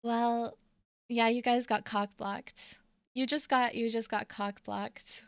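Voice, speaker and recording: A woman streamer reading a copypasta in an over-the-top, melodramatic way, with breathy sighs and swooping emotion. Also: fairly high pitch, steady tone, slow pace, over loud music.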